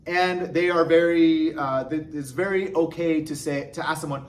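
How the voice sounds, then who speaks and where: A man's voice: on the high side, steady tone, moderate pace, slight background noise. Patient man teaching sign language. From United States. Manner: patient, step-by-step, repeats "okay?" to check in. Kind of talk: instructional explanation.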